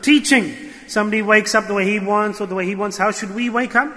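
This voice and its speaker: A high-voiced man delivers a sermon before a gathering for dhikr. His tone is bright and urgent, full of repetition as he calls out to the brothers. His words carry a long reverb through the hall. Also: fairly even intonation, brisk. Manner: impassioned and repetitive, addressing the brothers. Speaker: sheikh giving a religious talk.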